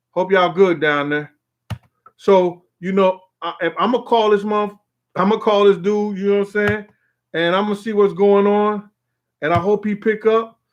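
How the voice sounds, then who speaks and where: A man's voice: high voice, highs cut off. A man hosting a casual live-stream, greeting viewers by name in street slang, emphatic and repetitive. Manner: emphatic, repeats himself. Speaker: show host.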